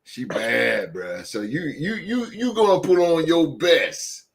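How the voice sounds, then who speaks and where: Lively, stammering man. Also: fairly high pitch, slow, creaky. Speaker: podcast co-host. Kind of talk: casual banter.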